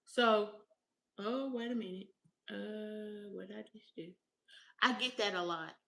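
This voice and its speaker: A woman in her thirties from Alabama, with a Southern accent and a youthful-sounding voice, rambles through casual stories for her vlog viewers. Her medium-pitched voice is bright and forceful, a little slow, with vocal fry. The room is echoey and the mic sits at a distance.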